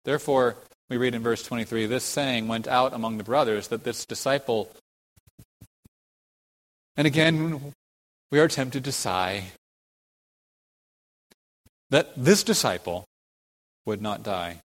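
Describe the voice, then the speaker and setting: A man's voice: mid-range voice, big-room sound, low-quality recording. A man preaching an expository sermon, stressing key words emphatically and posing rhetorical questions. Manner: emphatic, rhetorical questions, slow deliberate phrasing with sudden stresses.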